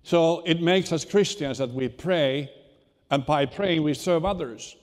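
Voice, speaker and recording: Pastor preaching in a reverberant church. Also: male voice, a little high. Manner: unhurried, halting delivery with repeated restarts. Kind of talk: sermon. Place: church sanctuary.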